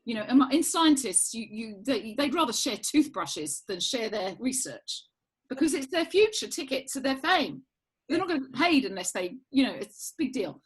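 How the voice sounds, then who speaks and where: A woman guest, a yoga teacher trainer, telling lively stories in an interview and acting out what people said. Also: fairly high pitch, moderate pace, husky. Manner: animated, acts out quoted voices, frequent restarts. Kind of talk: lively storytelling interview chat.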